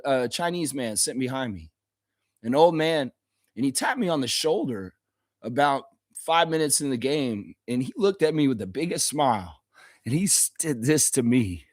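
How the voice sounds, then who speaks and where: Hoarse, emotional male fan host. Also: medium pitch, no echo, studio quality. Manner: emotional, excitable, rambling. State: hoarse, voice worn out; tired. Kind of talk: live fan reaction stream.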